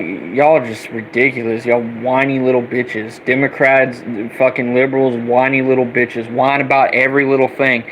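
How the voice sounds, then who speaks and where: A young man in an angry, profane rant that circles back on the same insults. His voice sits at an ordinary middle pitch, with a faint air-conditioner hum in the background. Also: fairly even intonation, moderate pace, hardly any pauses, a bit bright, low-quality recording. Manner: heated, profane, repetitive ranting. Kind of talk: angry political rant vlog.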